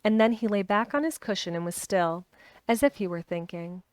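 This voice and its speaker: A woman's voice: mid-range voice, moderate pace, no echo. Woman narrator reading a classic aloud, dry close sound. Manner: steady storybook narration with small restarts. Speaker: reader.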